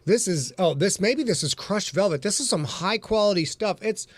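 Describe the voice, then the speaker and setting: A man's voice: sits high, animated, moderate pace, no echo. A man voicing a pushy male shopping-channel salesman with hammy, over-the-top sales patter. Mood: hyping.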